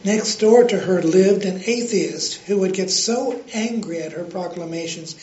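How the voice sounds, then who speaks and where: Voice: mid-range voice, measured pace, hardly any pauses, darkish tone. An earnest preacher giving a devotional talk, telling a joke and then exhorting listeners to praise God, in a roomy, dull recording.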